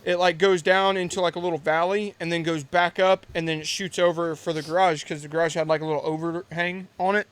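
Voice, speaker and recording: A man's voice: a little high, steady tone, a little fast, few pauses, clear, resonant tone. A man in his twenties with an American accent, co-hosting a podcast and telling rambling stories in casual chat, laughing often. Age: 20s. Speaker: podcast co-host.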